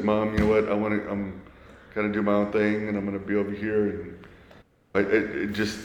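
A man in his forties telling his own story in a conversation, earnest and halting, often restarting his sentences. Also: lowish voice. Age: 40s. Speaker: guest. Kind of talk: candid personal storytelling in conversation. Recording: echoey, reverberant room.

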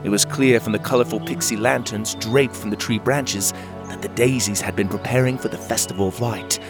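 A man narrating a children's audio adventure in an expressive storybook manner. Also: fairly low pitch, brisk, over music.

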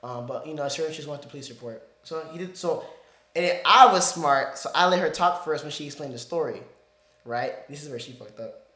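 Animated man telling a story, slightly high voice. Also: fairly quick, roomy sound. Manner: animated, rambling, peppered with slang like "bro". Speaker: podcast host. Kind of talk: casual storytelling chat.

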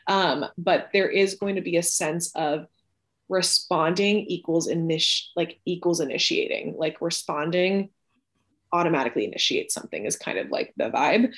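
Chatty woman with a lowish voice. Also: normal speed. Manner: chatty, frequent "like" and "right?", animated emphasis. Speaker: podcast guest explaining Human Design. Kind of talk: casual explanatory talk.

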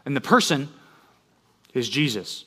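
Lively intonation and a slightly rough, fairly bright medium-pitched voice mark this pastor, who speaks a little slowly. His sermon is conversational, peppered with "right?" to the listeners, and his stories climb in intensity.

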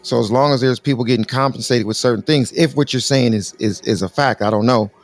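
Gravelly fast-talking man hosting a call-in. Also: medium pitch, soft background music. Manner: slangy, teasing, calls people brother. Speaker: host. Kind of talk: live call-in audio show.

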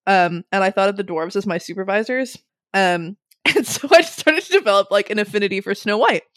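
Animated young woman telling a story. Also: mid-range voice, fairly quick, dry recording, clean studio sound. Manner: animated, laughing, swears freely. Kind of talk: casual storytelling.

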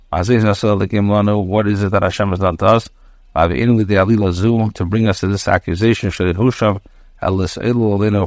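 A rabbi with a fairly low voice teaches a daily scripture lesson. He reads out a Hebrew phrase, pauses, then translates and explains it in unhurried steps. The sound is dry and close, with no room echo.

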